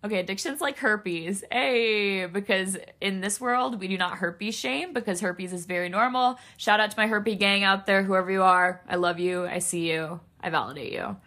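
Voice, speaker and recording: A woman's voice: mid-range voice, normal speed, few pauses, bright, forceful tone. A young woman hosting a solo podcast, speaking earnestly and emotionally straight to her listeners, near tears. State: tearful. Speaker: podcast host.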